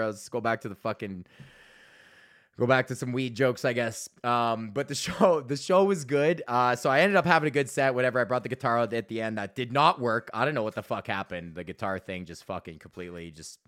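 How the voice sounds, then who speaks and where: This bright-ish, medium-pitched voice belongs to a man in his thirties from Alberta, Canada, a stand-up comedian hosting his own podcast. He rambles through a profane story in a casual monologue, laughing at his own jokes.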